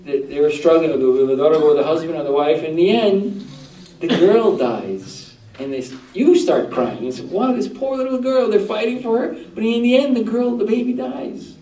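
A religious teacher with a warm, fairly high voice gives a talk to a group at a moderate pace, his pitch swinging widely. He often puts rhetorical questions to the listeners, and he's recorded far from the mic in an echoey room.

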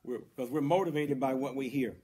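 A man serving as imam, giving a Friday sermon in a mosque, emphatic and repetitive, rising for stress and then dropping low. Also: a little fast, mellow, husky.

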